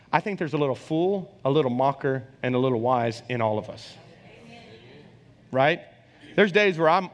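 High-voiced pastor preaching in a reverberant hall. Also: male voice. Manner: conversational, animated, acts out quoted voices. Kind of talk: sermon.

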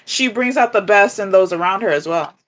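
Co-host, mid-pitched, enthusiastic and affirming, casual chat. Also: animated, brisk, fairly bright tone. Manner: enthusiastic, affirming, with frequent laughs and exclamations. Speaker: podcast co-host.

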